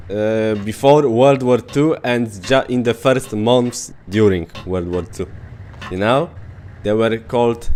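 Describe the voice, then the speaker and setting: A man's voice: mid-range voice, darkish tone, a little hiss or hum. A man from Poland with a Polish accent, a native Polish speaker, chatting casually while streaming a game, rambling with many fillers. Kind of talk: casual gaming stream chat.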